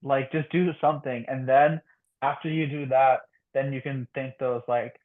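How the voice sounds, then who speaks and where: A man's voice: medium pitch, flat delivery, moderate pace. A man hosting a podcast, talking in a laid-back, rambling casual way. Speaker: podcast host. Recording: tinny phone-like line.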